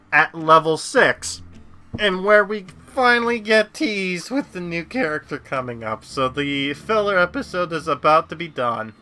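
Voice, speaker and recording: Bright-voiced man rambling over gameplay. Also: a little high, clear, resonant tone. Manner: rambling, lots of fillers and restarts. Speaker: gameplay host. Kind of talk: casual gameplay commentary.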